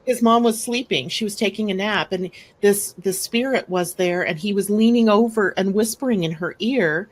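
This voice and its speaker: A middle-aged woman hosting a live astrology show, chatting casually and telling stories with lively acted-out quotes. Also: mid-range voice, normal speed, hardly any pauses. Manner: animated storyteller who acts out quoted speech. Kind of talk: casual conversational storytelling.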